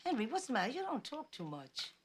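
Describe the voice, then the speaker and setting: A woman's voice: high voice, huge pitch swings, quick pace. An actress playing an older mother who fusses over her grown son and his friends. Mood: fussing. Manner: fussing, motherly. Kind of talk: film dialogue. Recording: movie clip with crowd noise.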